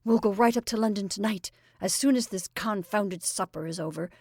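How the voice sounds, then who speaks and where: A woman's voice: mid-range voice, a little fast, darkish tone, breathy edge, dry recording. Exuberant chatty actor, middle-aged man, read by a woman; dry close sound. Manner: exuberant, rambling, confiding. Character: jolly middle-aged male stage actor, gleeful and chatty.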